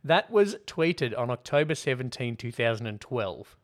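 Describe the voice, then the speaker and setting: A chatty man hosting a podcast, who laughs easily as he tells stories. His voice sits at an ordinary pitch in relaxed conversation. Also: normal speed. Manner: chatty, laughs often, storytelling. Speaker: podcast host. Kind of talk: casual film podcast chat.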